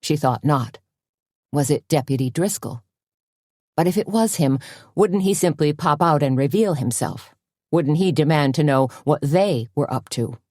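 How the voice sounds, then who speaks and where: A woman narrating a mystery audiobook in an even, measured way. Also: deep voice, no echo, clean studio sound. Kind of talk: scripted narration.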